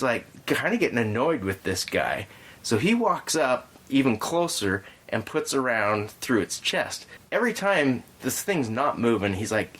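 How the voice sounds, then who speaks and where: A man hosting a podcast, telling a story in a relaxed, rambling way with frequent restarts. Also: mid-range voice, unhurried. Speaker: podcast host. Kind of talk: casual storytelling chat.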